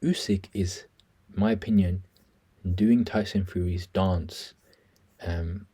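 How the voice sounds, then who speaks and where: A man's voice: sits low, fairly even intonation, slow pace, mellow, breathy edge. A man with a Birmingham accent, chatting casually to viewers while breaking down a boxing press conference. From England. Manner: chatty, keeps addressing viewers as "guys". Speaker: boxing commentator on video.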